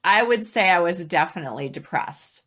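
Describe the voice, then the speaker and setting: A woman's voice: on the low side, animated, moderate pace, a bit bright. A woman from Alaska talking as a podcast guest, reflective, often laughing as she speaks. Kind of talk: casual conversation.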